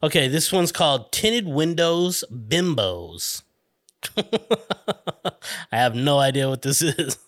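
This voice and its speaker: A man's voice: on the high side, big pitch swings, slow, pauses often, fairly bright tone, no echo, studio quality. A man hosting a podcast in casual chat, rambling and self-conscious, laughing and swearing. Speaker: podcast host.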